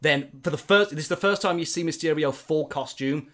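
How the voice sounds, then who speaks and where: An animated man telling a long story in a relaxed, casual way. His voice sits a little high for a man, and he fills gaps with loose filler words. He swings between loud and quiet as the story builds. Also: brisk.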